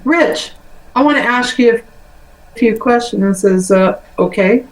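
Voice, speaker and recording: A woman hosting an interview, asking her guest simple questions in a halting way. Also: a little high, roomy sound, low-quality recording. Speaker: channel host.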